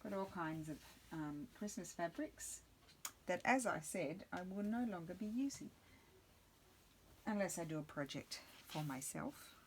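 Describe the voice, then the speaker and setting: A woman's voice: on the low side, expressive, a little slow, a little mellow, a little hiss or hum. A middle-aged woman chatting casually and rambling to herself while she crafts at her table. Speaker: crafting video host.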